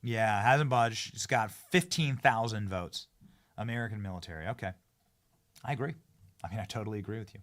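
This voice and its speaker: A man hosting a live-streamed talk show from a studio, speaking in excitable casual chat and often repeating and restarting his phrases as he hypes guests. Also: mid-range voice, fairly quick, long pauses. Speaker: political talk show host.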